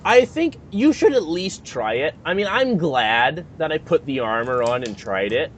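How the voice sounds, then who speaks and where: A man's voice: fairly high pitch, big pitch swings, a little slow, muffled recording, a little hiss or hum. A man co-hosting a podcast in casual chat, talking hesitantly with many fillers and restarts. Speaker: podcast co-host.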